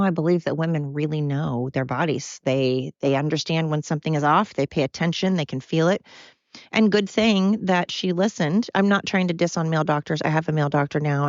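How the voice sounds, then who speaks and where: A woman's voice: sits low, no echo. An American woman hosting a podcast at home, talking in a blunt, candid, rambling solo monologue. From United States. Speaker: podcast host. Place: at home with her dogs. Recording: dull, dry lo-fi sound.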